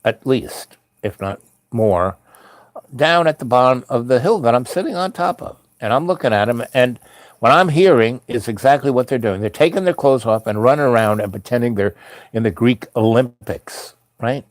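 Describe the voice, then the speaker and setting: A man's voice: mid-range voice, animated, moderate pace, no echo. A man telling a personal travel story in a casual, rambling way, full of fillers and restarts.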